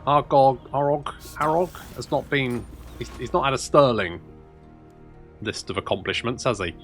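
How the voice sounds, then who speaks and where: A man's voice: mid-range voice, normal speed, a bit bright, soft background music. A man commentating on his own strategy game play, rambling, swearing and thinking aloud. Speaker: let's play host. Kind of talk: gameplay commentary.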